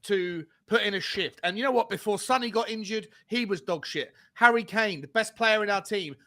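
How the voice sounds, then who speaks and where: A man's voice: sits high, normal speed, sharp tone. A man co-hosting a football fan stream, angry and swearing, repeating himself for emphasis in a passionate rant. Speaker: co-host of a fan watchalong.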